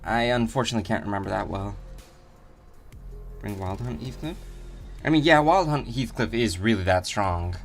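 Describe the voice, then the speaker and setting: A man's voice: fairly low pitch, moderate pace, pauses often, faint music behind. A man casually chatting on his game live stream, unsure of himself and answering viewer questions from chat. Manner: rambling, unsure, reads chat aloud.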